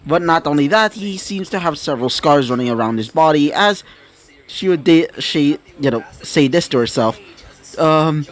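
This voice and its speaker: A man narrating a fan-fiction story aloud, rambling along with constant fillers and restarts. His voice sits fairly high for a man. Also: animated, normal speed. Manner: rambling, many fillers and self-corrections.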